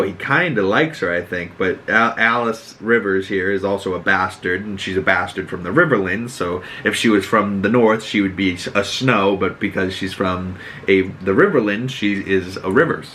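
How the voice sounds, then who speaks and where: A man's voice: on the low side, moderate pace, a bit bright, slight background noise. A young man from Boston, hosting a podcast and giving a casual, rambling recap with frequent swearing and filler words. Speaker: podcast host.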